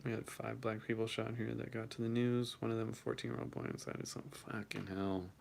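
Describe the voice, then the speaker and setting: A man's voice: fairly low pitch, steady tone, a little fast, creaky, slight background noise. A young man hosting his first livestream, reading chat and reacting casually, swearing now and then, his voice shaking from the cold.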